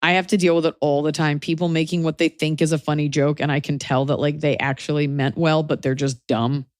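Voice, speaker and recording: Woman, podcast host, casual advice chat, wry, opinionated, slightly low voice, dry close sound. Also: level tone, a little mellow, no room sound. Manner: wry and opinionated, slips into quick mock voices.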